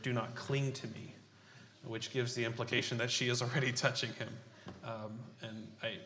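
A man preaching a sermon in a bright, forceful voice. He talks in an unhurried, halting way with frequent fillers. His voice rings around a roomy church space. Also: mid-range voice, a little hiss or hum. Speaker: pastor. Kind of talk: sermon with group scripture reading. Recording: roomy echo.

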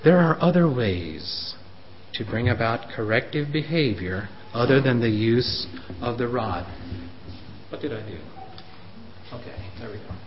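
A man in his fifties lecturing parents, animated, pushing his voice up for emphasis and chuckling at himself. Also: mid-range voice, a little slow, long pauses. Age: 50s. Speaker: speaker on parenting. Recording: roomy, dull lo-fi recording.

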